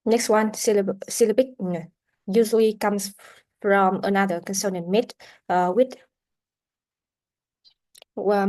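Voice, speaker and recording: Female pronunciation teacher, mid-pitched, halting delivery with fillers, models sounds over and over. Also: darkish tone. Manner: halting, with many fillers, repeating sounds and words for practice. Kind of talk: classroom pronunciation lesson.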